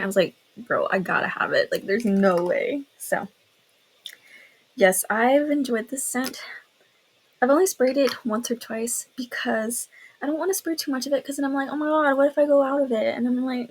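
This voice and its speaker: A woman's voice: medium pitch, husky, poor audio. A young woman chatting casually to camera about a perfume she loves, gushing and filling her talk with "like". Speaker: beauty vlogger.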